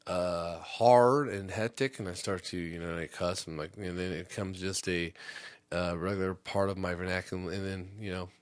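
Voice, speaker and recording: A man hosting a comedy podcast, rambling through a story and jumping into quick impressions. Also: low-pitched, fairly even intonation, dry recording.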